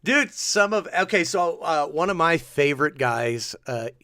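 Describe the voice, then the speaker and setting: A man hosting a podcast in casual chat, reacting excitably to clips and laughing often. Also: on the high side, a little slow, no echo, studio quality. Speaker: podcast host.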